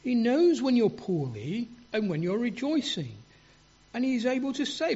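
A man preaching a sermon in an earnest, halting way, often repeating and restarting words. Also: very high voice, very animated, a little mellow, slightly rough. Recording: dull lo-fi sound.

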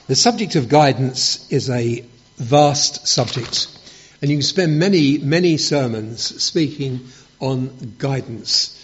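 Storytelling preacher with a lo-fi sound. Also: male voice, mid-range voice, takes it slowly. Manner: storytelling with acted quotes, conversational. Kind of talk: sermon. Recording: dull lo-fi recording.

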